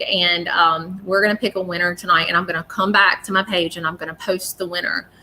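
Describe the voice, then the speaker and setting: A woman's voice: medium pitch, pushed and bright, a little hiss or hum. A woman talking casually and emotionally on a live stream, apologetic and rambling as a psychic reader.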